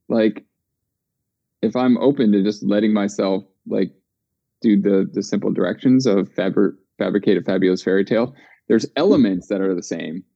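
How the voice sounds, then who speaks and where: A man's voice: lowish voice, creaky, dark tone, no echo, lo-fi sound. A man guiding a group call in an earnest way, repeating words for emphasis. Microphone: video call.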